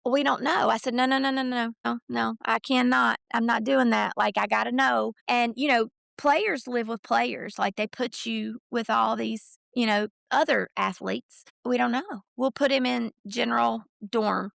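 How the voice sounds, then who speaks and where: A middle-aged woman tells a long story as a podcast guest, slipping into quoted voices and filler words. Her voice is heavily fried and gravelly, a bit higher than most. It is recorded close and dry, with no room sound. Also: fairly even intonation, normal speed, few pauses, a bit bright, no echo. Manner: chatty, retells conversations in quoted voices, many fillers. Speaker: podcast guest, mother of a college football recruit. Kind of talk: casual storytelling chat.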